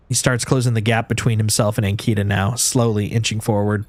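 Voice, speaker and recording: A man's voice: on the low side, flat delivery, a little fast, few pauses, no room sound. A man streaming, reading a video game's story aloud in second person, often restarting his phrases.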